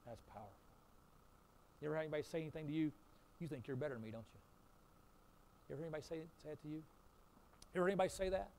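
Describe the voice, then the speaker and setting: A man preaching a sermon as pastor, swinging between loud emphatic repeated lines and quiet low asides. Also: racing, long pauses, slight background noise.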